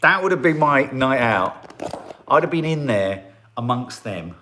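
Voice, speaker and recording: A man's voice: medium pitch, expressive, measured pace, pushed and bright, a little hiss or hum. A man hosting a casual live stream, chatting in a rambling way and reading out viewer comments. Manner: chatty and rambling, with frequent restarts and asides.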